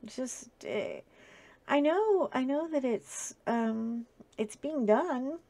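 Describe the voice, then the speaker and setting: A woman's voice: sits high, expressive, takes it slowly, dark tone, no room sound. A middle-aged woman chatting casually to her webcam at home, rambling with lots of fillers and restarts. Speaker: vlogger coloring and chatting. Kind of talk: casual chat to camera. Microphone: webcam at desk with ring light.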